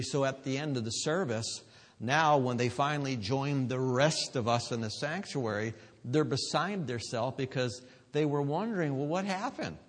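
A man with a Pennsylvania accent preaching a sermon, building to loud emphatic peaks and having the congregation repeat after him. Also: medium pitch, in a large hall.

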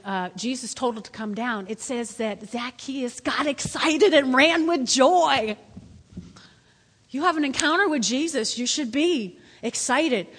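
High bright-voiced woman pastor preaching. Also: slightly rough. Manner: lively, swings between loud and hushed. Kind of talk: sermon. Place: church. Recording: echoey hall.

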